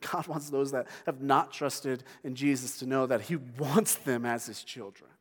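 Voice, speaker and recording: A middle-aged man preaching a sermon as pastor, telling a personal story with halting restarts and sounding tearful. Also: mid-range voice, breathy edge. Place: church sanctuary. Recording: long hall reverb.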